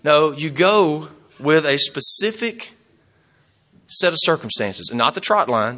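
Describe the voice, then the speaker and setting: An older man preaching a sermon in a folksy, animated way, chuckling often and acting out the things people say. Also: on the high side, takes it slowly.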